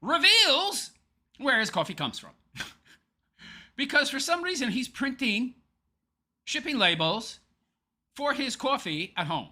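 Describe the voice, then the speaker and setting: A man with a high, very lively voice and a sharp, bright tone. He comments on a clip in a sarcastic, taunting way and laughs often. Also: a little slow, long pauses. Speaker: show host. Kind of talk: mocking commentary over a clip.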